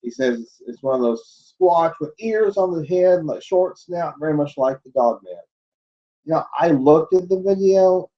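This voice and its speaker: An expressive, unhurried man with a voice on the high side, captured in lo-fi sound. He hosts a casual cryptid livestream, reading peculiar news reports aloud and meeting them with doubtful, blunt remarks and chuckles.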